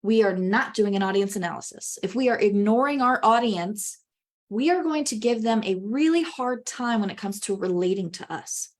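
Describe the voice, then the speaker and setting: Speaking at normal speed, a woman hosts a webinar on public speaking with an animated style, her pitch swinging broadly for emphasis.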